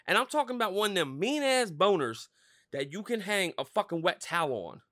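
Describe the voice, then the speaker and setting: A man with a high, bright voice rants and swears through a sports podcast, his pitch leaping all over. The sound is dry and close. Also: very animated, brisk, no room sound. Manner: loud, swearing, rambling and fired-up. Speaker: podcast host. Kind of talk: profane sports rant.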